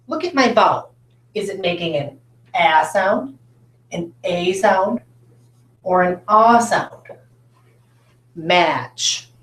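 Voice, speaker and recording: A woman teaching a recorded phonics lesson at a whiteboard, talking to students with encouraging, drawn-out questions. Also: medium pitch, roomy sound. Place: classroom with a whiteboard.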